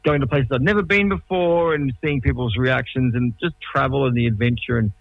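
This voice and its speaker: Gravelly Australian man in his forties. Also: mid-range voice, fairly quick, no room sound, narrow, tinny audio. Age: 40s. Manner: rambling, self-interrupting, laid-back. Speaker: musician guest. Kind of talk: casual interview chat.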